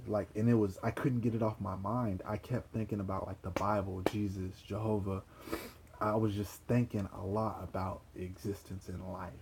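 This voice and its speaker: A young man with a fairly low voice tells a personal story in a loose, animated way, swearing freely and circling back over the same phrases. He laughs between thoughts. A faint hum sits under the recording. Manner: animated, profane, repeats phrases, frequent laughs and gasps. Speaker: vlogger.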